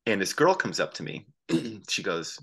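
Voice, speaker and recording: A man guest in a casual interview, telling animated anecdotes and acting out the voices of people he quotes. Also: deep voice, measured pace, husky. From Boston area. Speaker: band frontman as guest.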